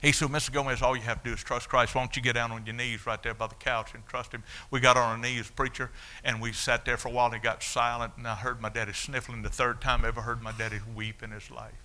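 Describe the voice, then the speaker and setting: A man, preaching a sermon as a story of his own life, dropping low and then shouting out the punch lines. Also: flat delivery, fast, few pauses. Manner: storytelling, swings from hushed to shouting. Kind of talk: sermon testimony.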